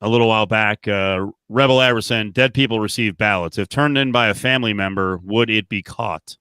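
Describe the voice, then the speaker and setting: A man's voice: lowish voice, brisk, sharp tone, clean tone, dry recording. A man hosting a podcast, casually reading viewer questions and news headlines. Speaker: podcast host.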